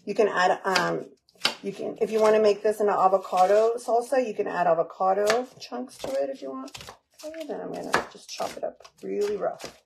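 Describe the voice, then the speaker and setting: Cooking in her home kitchen, a mother talks a little fast in a gravelly, mid-range voice, chatting casually to her vlog audience and to her child. The recording carries background kitchen sounds.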